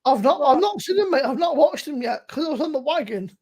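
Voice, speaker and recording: A man's voice: very high-pitched, lively intonation, fairly quick, darkish tone. A man, co-hosting a casual live stream, teasing and swearing heavily. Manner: teasing, laughing, heavy swearing. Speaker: co-host.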